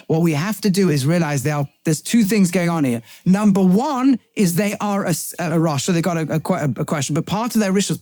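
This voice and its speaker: A rabbi lecturing with lively emphasis, his man's voice sitting a touch high. He poses rhetorical questions and translates Hebrew phrases into English. The sound is close and dry, with no room echo. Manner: reads out Hebrew and Aramaic phrases, then translates them. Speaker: rabbi teaching a series. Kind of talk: explanatory lecture.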